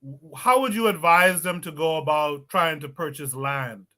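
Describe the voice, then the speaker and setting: Male podcast host, livestream chat, bright sharp tone, slightly high, asks long questions. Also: normal speed. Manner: addresses guests and listeners directly, asks long questions.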